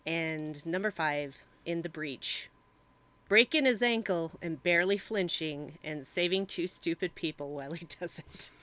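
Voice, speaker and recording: A woman's voice: lowish voice, unhurried, fairly bright tone. A woman co-hosting a podcast, chatting casually, giggly and gushing, laughing often. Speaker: podcast co-host. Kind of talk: casual chat.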